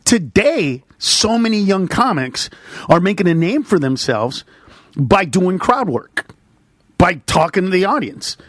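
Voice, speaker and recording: Brief: lively storyteller man, high and swooping voice, dry close sound. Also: unhurried, no echo. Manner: animated storyteller, acts out voices and shouts. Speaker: stand-up comedian guest. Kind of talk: casual podcast conversation.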